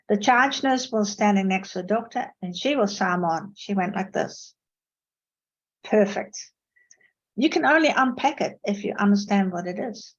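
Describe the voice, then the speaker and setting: In an online academic seminar held by video call, a Dutch woman from the Netherlands who lectures on interpreting relates anecdotes, her pitch leaping for emphasis. The recording is muffled.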